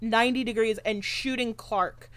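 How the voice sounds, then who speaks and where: A woman's voice: on the high side, steady tone, normal speed, fairly bright tone, a little hiss or hum. A young woman co-hosting a casual movie podcast, recapping scenes in a rambling way with lots of fillers and swearing. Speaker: podcast co-host. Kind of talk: casual movie-discussion chat.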